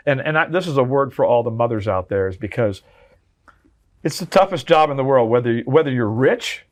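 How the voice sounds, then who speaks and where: A man's voice: mid-range voice, animated, a little fast. A man in his sixties, a guest telling heartfelt stories in an interview, earnest and full of restarts. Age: 60s. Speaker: drummer and memoir author, guest. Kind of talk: interview conversation.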